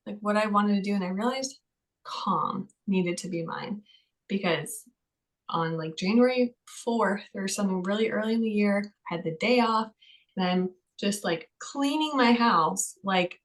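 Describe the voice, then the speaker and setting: A woman counselor chats as a podcast guest, telling everyday stories in a lively way. She fills her speech with casual asides. Her pitch sits in an ordinary middle range. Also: poor audio. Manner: chatty, lively storytelling with many fillers. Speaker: mental health counselor.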